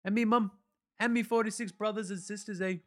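A man's voice: high-pitched, steady tone, fairly quick, a bit bright, pitched above the performer's own voice. A man voicing a laid-back young New Zealand sportsman reading his diary aloud, with a put-on New Zealand accent and a drawl that tacks "eh" and "bro" onto his lines. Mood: easygoing.

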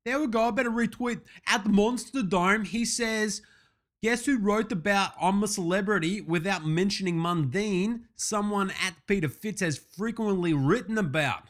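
A man's voice: high voice, normal speed. A man doing a satirical comedy monologue as a show host, talking in a brash, crude and self-congratulating way, with sarcastic muttered asides.

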